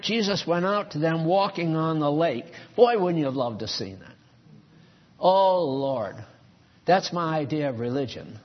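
A man's voice: a little high, dull audio. A man preaching a sermon in a church, folksy and conversational, chuckling at his own asides.

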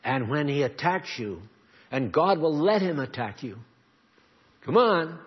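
Husky male preacher, earnest sermon, quizzes his flock, muffled lo-fi tape. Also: fairly high pitch, sing-song, measured pace. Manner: earnest preaching, rhetorical questions to the congregation. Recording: dull lo-fi recording.

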